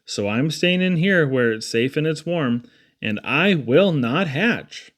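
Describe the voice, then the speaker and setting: A man's voice: on the high side, lively intonation, slow pace, fairly bright tone. A man reading the part of a small, stubborn chick who refuses to hatch, in a sing-song rhyming recital.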